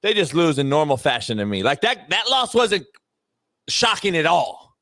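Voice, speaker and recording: A man's voice: on the high side, sing-song, normal speed, pushed and bright, no echo, studio quality. A man hosting a sports talk show, ranting emphatically and with plenty of profanity about basketball.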